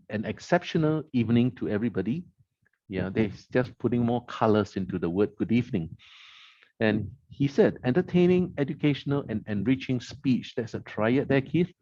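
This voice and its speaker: This meeting evaluator, a man with a warm voice on the low side, goes over the evening's speeches at a club meeting. He's analytical, repeating lines and labeling the rhetorical devices used. The recording is dry and lo-fi.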